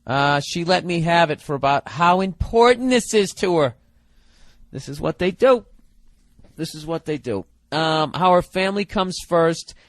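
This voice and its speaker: A man's voice: a little high, no echo. A man hosting a podcast, reading out listener mail and ranting in a profane, mocking way, sometimes dropping to a mutter. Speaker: podcast host. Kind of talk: casual rambling monologue.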